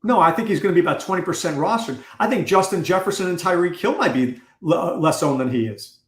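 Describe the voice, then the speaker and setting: Guy hosting a fantasy sports chat, kinda high voice, fast and wry, echoey room. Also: animated. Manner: quick, wry, asks probing questions. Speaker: fantasy football podcast host. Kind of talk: casual analytical chat.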